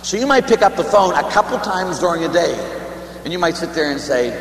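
A man's voice: high-pitched, expressive, fairly quick. A man preaching as a Catholic priest, telling a conversational, joking story to his congregation. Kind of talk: sermon. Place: church. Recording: echoey church with long reverb, faint hum.

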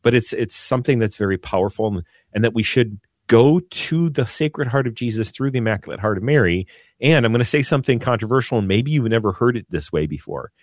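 A man's voice: mid-range voice, lively intonation, a little fast, dry recording. A man, a priest, talking earnestly on a studio radio show, often repeating words as he goes. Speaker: priest guest. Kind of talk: radio talk on devotion.

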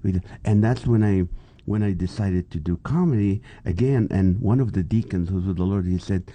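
A man from the Middle East with a low, warm, dark voice tells stories as a comedian guest in a relaxed interview. He is lively and acts out the voices of the people in his stories. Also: normal speed. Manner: animated storyteller, acts out quoted voices. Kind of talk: casual interview storytelling.

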